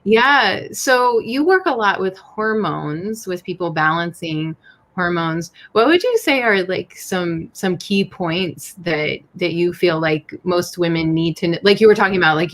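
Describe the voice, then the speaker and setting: A woman host leads a relaxed interview in a somewhat low voice. She asks open questions and affirms her guest with short, encouraging replies. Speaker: host, Ayurveda practitioner and yoga teacher. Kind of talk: casual interview talk.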